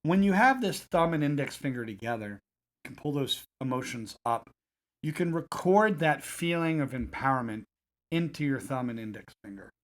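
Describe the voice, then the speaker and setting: A man guiding listeners through a self-help technique in a calm, repetitive coaching cadence. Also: medium pitch, moderate pace. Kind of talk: guided self-help instruction.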